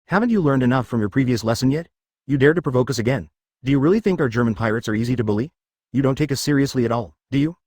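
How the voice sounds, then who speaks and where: A man's voice: medium pitch, fast, darkish tone, no echo, lightly acted. Angry scolding fishman pirate, big guy, read by the male narrator.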